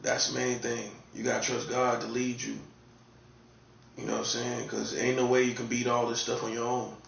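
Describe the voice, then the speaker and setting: In a flat, medium-pitched delivery with vocal fry and a bit of brightness, a Southern-accented man from North Carolina gives a relaxed, repetitive, warning-toned monologue. He is an online commentator, at a moderate pace, recorded in a distant, echoey, dull lo-fi room.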